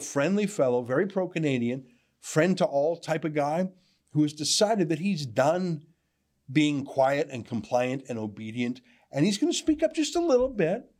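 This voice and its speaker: A man's voice: fairly high pitch, a little mellow. A man delivering opinion commentary in an emphatic, sarcastic manner. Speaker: political commentator.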